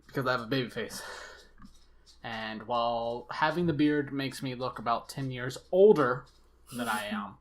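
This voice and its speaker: A man's voice: medium pitch, normal speed. A young man from the Southern United States, co-hosting a casual chat in a hesitant way full of fillers. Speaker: co-host.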